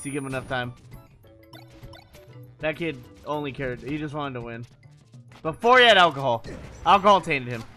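A man chatting casually with his stream chat, cursing freely and laughing often. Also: a little high. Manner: animated, profane, laughs often. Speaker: gaming streamer.

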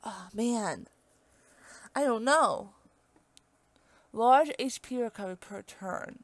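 A young woman commentating on a video game as she plays, chatty and excitable, talking into a desk mic. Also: on the high side, slow pace, no room sound. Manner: excitable, chatty, reads game dialogue aloud. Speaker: let's play host. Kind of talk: casual gameplay commentary.

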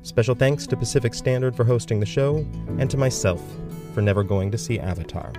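A man's voice: medium pitch, brisk. A man hosting a podcast, reading a scripted outro and credits in a dry, plain way. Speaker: podcast host. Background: guitar music.

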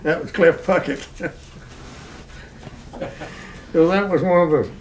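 A man's voice: fairly high pitch, far from the mic, a little hiss or hum. Older Texan man recounting a war story. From Texas. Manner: plain unhurried recounting, chuckles at own story. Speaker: interviewee, war veteran. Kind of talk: oral history storytelling.

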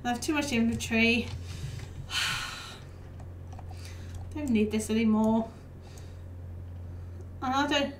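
A woman's voice: a little high, steady tone, slow pace, pauses often, distant mic, slight background noise. A young woman streaming a game live, chatting casually with her viewers, laughing easily and talking back to the game. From United Kingdom. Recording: echoey room, voice off-mic.

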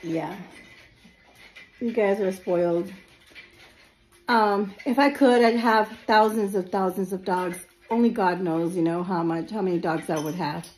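A woman's voice: mid-range voice, a little slow, darkish tone, slight background noise. A woman in her forties chatting casually to camera at home, gushing and fond, using baby talk with her dogs. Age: 40s. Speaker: lifestyle vlogger. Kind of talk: casual vlog chat to camera.

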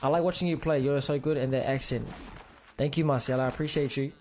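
A man's voice: mid-range voice, steady tone, fast, darkish tone, a little hiss or hum. A young man with a New Zealand accent, chatting casually on a gaming livestream and greeting viewers with laid-back slang. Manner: laid-back slang, reads out chat names.

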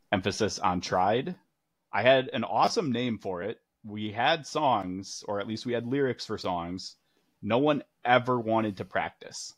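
Male guest, lowish voice, relaxed hesitant speech, dry close mic. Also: dry recording. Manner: easygoing, hesitant, many fillers. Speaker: podcast guest, teacher. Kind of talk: casual interview chat.

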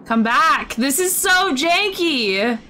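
Excitable high-voiced woman gamer. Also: slow pace, a little hiss or hum. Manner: excitable, startled, laughing and flustered. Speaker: gaming streamer. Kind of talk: casual let's-play commentary.

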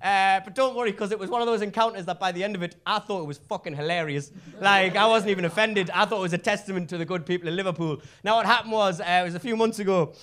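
A man with a Northern English accent telling a stand-up story in a brisk, punchy way. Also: sits high, fairly bright tone. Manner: brisk, punchy delivery with filler "uh"s. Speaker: stand-up comedian.

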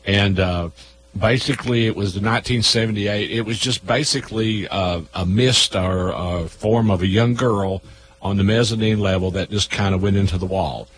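A low-pitched man tells a local ghost tale on air in a radio studio. He talks haltingly, stopping often with filler pauses as he gathers his thoughts. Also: steady tone, slight background noise, low-quality recording. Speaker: local folklore event organizer. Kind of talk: radio storytelling.

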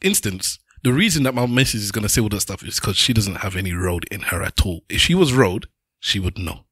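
A man's voice: on the low side, a little fast, slightly rough, dry recording, clean studio sound. A man, a podcast co-host, telling stories animatedly in casual chat. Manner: animated storyteller.

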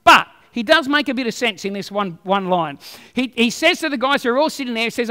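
A pastor delivers his sermon in a strikingly high, bright voice. He tells stories with animated humor, and the sound carries a long hall reverb. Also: fast talker, clean tone.

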